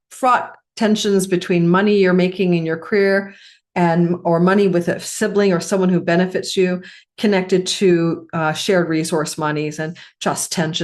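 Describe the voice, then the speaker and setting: A middle-aged woman gives an astrology forecast in a loose, chatty way, with a slightly low voice. She keeps clearing a tickle from her throat and coughing. She often stops to correct herself mid-phrase. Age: middle-aged or older.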